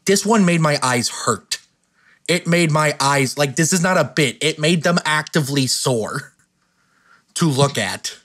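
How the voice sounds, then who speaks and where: A man's voice: a little high, lively intonation, unhurried, a bit bright. A young man hosting a casual film podcast, blunt and profane, laughing often. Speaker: podcast host.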